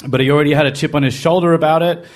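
A man's voice: a little high, steady tone, very fast. Wry man telling a story. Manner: wry, self-deprecating confessional telling. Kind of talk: personal story told to a live podcast.

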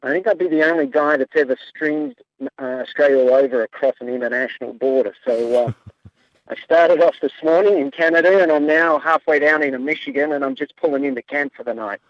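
A man's voice: a little high, a little fast, no room sound. A man phoning into a radio show, chatting cheerfully and friendly. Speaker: caller. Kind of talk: phone-in chat. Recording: muffled phone line.

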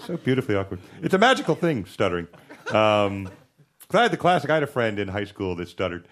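Low-voiced man rambling through a comic story. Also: quick pace. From from overseas. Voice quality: slight lisp. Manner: rambling, animated, laughing at his own story. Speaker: comedian guest.

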